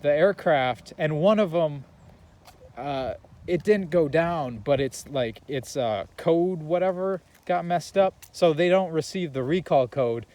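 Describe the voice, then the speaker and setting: A man's voice: on the high side, unhurried, a little mellow, low-quality recording. Chatty young man recapping a film. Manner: rambling, laughing movie recap full of fillers. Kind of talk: casual chat.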